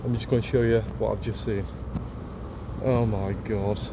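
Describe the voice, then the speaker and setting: A man's voice: fairly low pitch, fairly even intonation, moderate pace, background noise. A man from Leeds with a Yorkshire accent, gushing in a casual travel vlog to a handheld camera and repeating his phrases. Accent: Yorkshire English. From Leeds, England. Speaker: travel vlogger.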